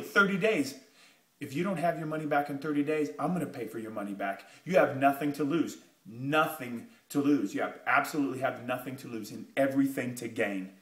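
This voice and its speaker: A man giving a motivational pitch, emphatic and repetitive, pushing his points with rising urgency. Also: fairly bright tone, reverberant. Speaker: motivational speaker.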